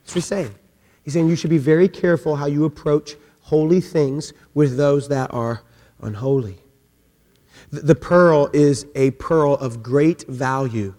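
Male pastor, animated and playful preaching, fairly high voice, recorded in a big echoing sanctuary. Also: a little slow. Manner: animated, humorous, acts out voices. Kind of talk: sermon. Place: church sanctuary. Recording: long hall reverb.

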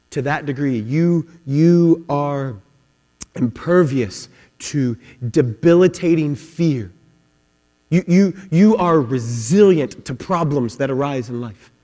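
A man preaching a sermon with passion, repeating his words and swinging between loud, driving lines and hushed ones. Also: mid-range voice, slow. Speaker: pastor. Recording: long hall reverb, mains hum.

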